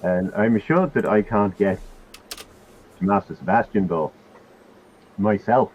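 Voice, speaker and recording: A man's voice: on the low side, unhurried, slight background noise, close to an everyday voice. A man playing Hamus, a male tavern proprietor, in a put-on accent, reading a formal letter in a tabletop game over a tinny call line. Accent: put-on character accent. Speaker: player. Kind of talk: in-character tabletop role-play. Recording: tinny phone-like online call.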